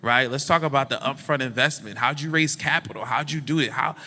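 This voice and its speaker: A man's voice: medium pitch, brisk, bright, forceful tone, big-room sound. A man hosting a podcast interview, reacting with playful, hyped interjections and asking about business. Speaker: podcast host. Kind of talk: casual interview.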